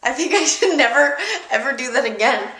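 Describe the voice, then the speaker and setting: A woman's voice: high-pitched, animated, a little fast, bright, forceful tone. A young woman from Canada with a girlish voice, chatting casually to the camera at home, easily distracted and giggly. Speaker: vlogger. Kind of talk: casual chat.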